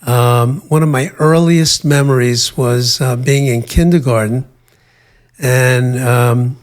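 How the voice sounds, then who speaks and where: An older man from the United States, a guest in an interview, telling his life story in a measured way with frequent pauses and fillers. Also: medium pitch, fairly even intonation.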